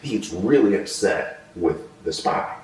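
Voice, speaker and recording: A man, a former military interrogator, telling stories in a measured conversational way and slowing down when he reflects. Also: deep voice, animated. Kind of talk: conversational storytelling. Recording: echoey room, voice far from mic.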